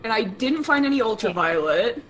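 A woman's voice: a little high, animated, brisk, over a noisy crowd, rough recording. A woman playing a game with friends, bossy and teasing. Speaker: gaming friend. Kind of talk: casual gaming chat.

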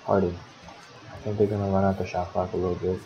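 He talks fast in a low voice with little pitch movement, casually calling play-by-play as the manager of his own team in a basketball sim league. Swearing is frequent, and he grumbles at his players throughout. The dull lo-fi recording has slight background noise.

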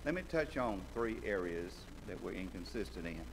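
A man from central Alabama, preaching a sermon, swinging between loud exclaiming and low quiet asides. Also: animated, normal speed. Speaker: visiting preacher. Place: church sanctuary. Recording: church hall reverb with faint noise.

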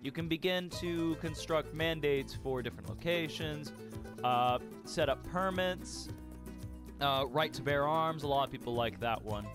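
A man's voice: a little high, unhurried, music in the background. A young man giving casual let's play commentary, profane, exasperated and joking. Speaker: gamer.

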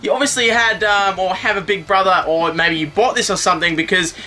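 Young Australian guy, bright and sharp-toned, reads fan mail in a joking, offhand, foul-mouthed way. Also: sits high, a little fast, a little hiss or hum. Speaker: YouTuber host reading fan mail. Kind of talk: casual chat.

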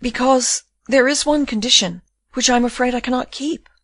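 Lady doing a heartbroken young girl, pleading, pitched up a bit, dry sound. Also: normal speed, dry recording. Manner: pleading, distraught. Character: grieving young girl, devoted and tearful.

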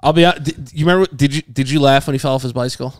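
A man's voice: medium pitch, racing, no echo. A man hosting a podcast, telling stories in a loose, profane, laughing banter with his guest into a close microphone. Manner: animated, laughing, profane storytelling. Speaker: podcast host.

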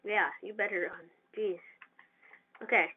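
Excitable gamer on a tinny mic. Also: medium pitch, measured pace. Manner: excitable, trash-talking the other players. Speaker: gamer narrating own play. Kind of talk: casual gameplay commentary. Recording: tinny lo-fi mic with faint hiss.

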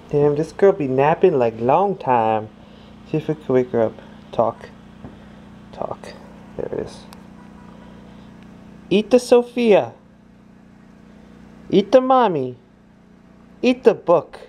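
A man's voice: mid-range voice, a bit bright, slight background noise, low-quality recording. A young man chatting casually to viewers in a rambling home vlog. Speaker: family vlogger.

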